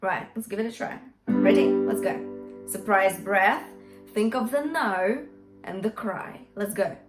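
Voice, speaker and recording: A woman's voice: mid-range voice, measured pace, music in the background. A woman vocal coach teaching a singing lesson, talking through technique and singing short demonstrations, checking in with "yeah?" and "okay?" as she goes. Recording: echoey room.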